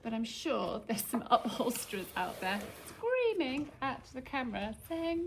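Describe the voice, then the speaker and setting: A woman's voice: sits high, very animated, measured pace, hardly any pauses, a little hiss or hum. A woman chatting through a do-it-yourself how-to as she works, thinking aloud and muttering to herself, in a cluttered workshop. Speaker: DIY vlogger. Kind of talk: casual how-to vlog, talking while working.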